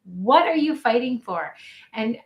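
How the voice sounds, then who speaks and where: Upbeat high-voiced woman life coach. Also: sing-song, a little slow, reverberant. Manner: upbeat, encouraging, leads chanted affirmations. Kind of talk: energetic online coaching session. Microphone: webcam.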